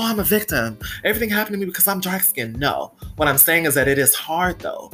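A woman's voice: rumbling low, a bit bright. A woman hosting a solo podcast, talking candidly and with plenty of swearing, often saying "you know" and "right?". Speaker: podcast host.

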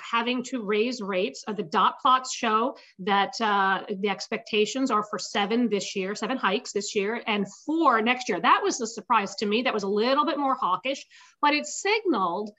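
A woman's voice: fairly high pitch, moderate pace, sharp tone. A woman, a guest investment strategist, explaining the markets confidently in an interview.

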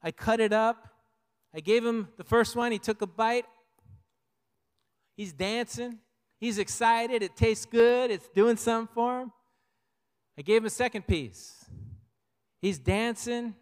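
An older man with a notably high voice delivers a conversational sermon, weaving in personal stories. His words ring out with a long, trailing reverb, as if in a large hall. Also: steady tone, a little slow, pauses often, clear, resonant tone. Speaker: pastor.

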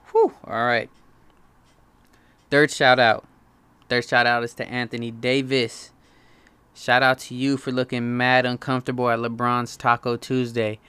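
A young man casually reviewing movies in a slangy, animated way, swearing freely. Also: mid-range voice, clean tone. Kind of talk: casual profane chat.

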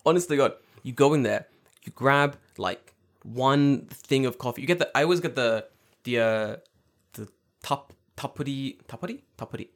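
A man co-hosting a podcast in casual chat, excitable, laughing often and swearing casually. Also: mid-range voice, normal speed. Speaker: podcast co-host.

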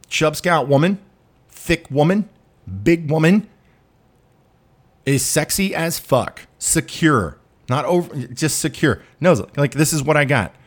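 Man vlogger, mid pitch, blunt unscripted rant full of swearing and restarts. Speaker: vlog host.

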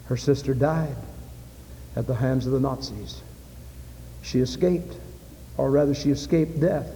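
A man preaching a sermon with impassioned delivery, building to loud climaxes. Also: mid-range voice, unhurried, slight background noise. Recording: echoey hall with faint ambience.

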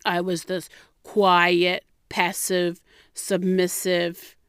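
A young woman with a smooth, clear voice tells her own story in a blunt, sassy, heavily profane way. Her tone is direct and unfiltered. The sound is close and dry, with no room around it. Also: fairly low pitch, monotone, drawn-out words, fairly bright tone, no echo. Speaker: vlogger telling a personal story. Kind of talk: candid storytelling monologue.

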